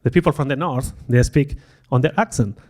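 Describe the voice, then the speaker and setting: A man's voice: medium pitch, a little fast. A middle-aged man giving a conference talk, telling a personal story in a self-deprecating way and acting out his own thoughts. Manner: animated, self-deprecating, acts out quoted thoughts. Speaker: conference speaker.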